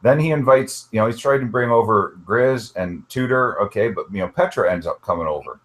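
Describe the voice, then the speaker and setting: A man's voice: lowish voice, brisk. A man arguing heatedly in an online group chat, swearing often and punctuating every point with "okay". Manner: argumentative, keeps inserting "okay" and swearing. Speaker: participant in an online group hangout. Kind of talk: heated casual argument.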